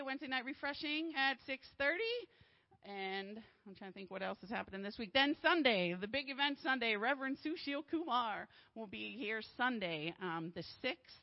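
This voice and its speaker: A woman's voice: fairly high pitch, highs cut off. Bubbly woman giving church announcements. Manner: bubbly, enthusiastic, laughs often. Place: church sanctuary.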